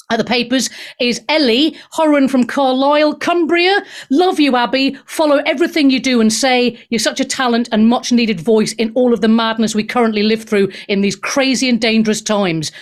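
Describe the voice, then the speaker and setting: A woman hosting a talk show, reading out listener emails and taking calls in a cheeky, breezy way that slips into swearing. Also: on the high side.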